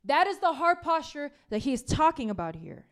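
Chatty woman preacher, slightly high voice. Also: big pitch swings, fairly quick, fairly bright tone. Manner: chatty, peppered with "like" and "right?"; emphatic, repeats key phrases for stress. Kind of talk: casual conversational sermon.

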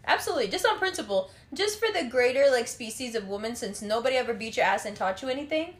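A woman's voice: on the high side, fast. A woman chatting casually, telling stories with lots of laughter and cursing. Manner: animated storyteller, laughs a lot, swears freely. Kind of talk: casual chat.

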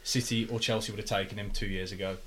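A man's voice: on the low side, fairly even intonation, fast talker, fairly bright tone, a little hiss or hum. A man on a football podcast panel, enthusiastic and gushing in casual chat.

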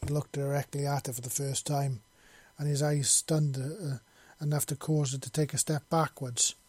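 A man reads a science fiction story aloud at a steady, even pace. His voice is husky and mellow, with very little rise and fall. The recording is close and dry. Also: medium pitch, normal speed, no echo. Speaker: audiobook reader. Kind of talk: story narration.

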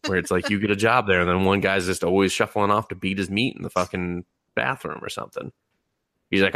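A man's voice: low-pitched, fairly even intonation, quick pace, bright, forceful tone, no room sound, studio quality. A man co-hosting a podcast in casual chat, rambling, laughing and swearing as he retells scenes. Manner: rambling, laughing, profane, mimics people mid-story. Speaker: podcast co-host.

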